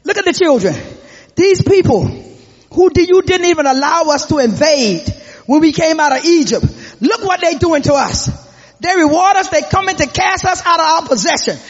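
Very high-voiced man preaching fervently. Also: animated, moderate pace. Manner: fervent preaching, shouted lines, call-and-response with the congregation. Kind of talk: sermon. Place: church sanctuary. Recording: echoey hall, dull lo-fi sound.

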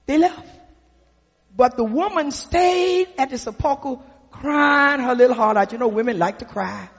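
A man preaching a sermon in a church. He speaks with folksy repetition that builds to shouted emphasis. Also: extremely high pitch, slightly rough. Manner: folksy, drawn-out delivery with repetition. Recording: dull recording with long hall reverb.

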